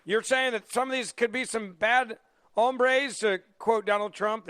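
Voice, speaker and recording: A man hosting a talk radio show as fill-in, mocking and animated, taking callers. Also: extremely high pitch, a little slow, clean tone, no room sound. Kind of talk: opinionated talk radio monologue. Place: radio studio. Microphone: studio microphone.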